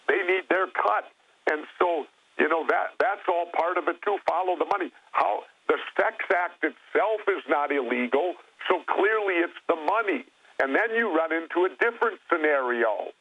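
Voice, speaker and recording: A man speaking as a guest in an interview, telling stories in a blunt, plain-spoken way. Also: a little high. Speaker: guest, former governor. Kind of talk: phone-in interview talk. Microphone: telephone. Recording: tinny phone line.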